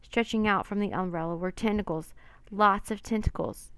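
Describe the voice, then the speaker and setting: A woman reading a children's adventure book aloud with expressive, dramatic narration. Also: mid-range voice, normal speed, clean tone, no echo. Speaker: storyteller.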